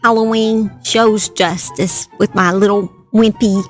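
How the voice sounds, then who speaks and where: A woman's voice: medium pitch, steady tone, a little slow, faint music behind. A woman with a Southern US accent telling a true crime story by a campfire outdoors at night, chatty and self-deprecating. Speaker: true crime channel host. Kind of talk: casual storytelling to camera.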